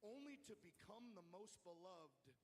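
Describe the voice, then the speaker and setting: Boastful wrestler mocking rivals, high-pitched and shouting, long reverb of a big arena. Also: male voice, big pitch swings, normal speed. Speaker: pro wrestler. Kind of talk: wrestling promo. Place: large arena.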